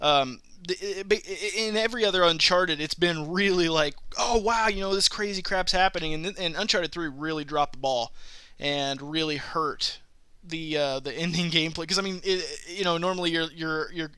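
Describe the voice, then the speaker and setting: Host, male, high, very bright voice, rambling animated storyteller, dry close sound. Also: normal speed, clear, resonant tone, no room sound. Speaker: podcast host. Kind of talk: casual gaming chat.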